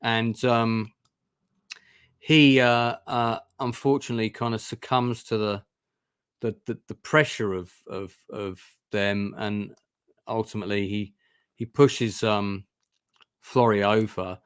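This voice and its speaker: A man's voice: lowish voice, fairly even intonation, takes it slowly, clear, resonant tone, no room sound, clean studio sound. A man hosting a casual review discussion, retelling scenes in a rambling way with frequent restarts. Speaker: host of a review channel.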